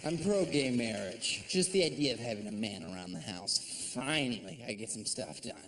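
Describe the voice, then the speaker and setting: A man doing a sardonic, mocking stand-up comedy set on stage, slipping into shrill put-on voices. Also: animated, moderate pace, creaky. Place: comedy stage before a live audience. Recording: live stage recording with audience noise.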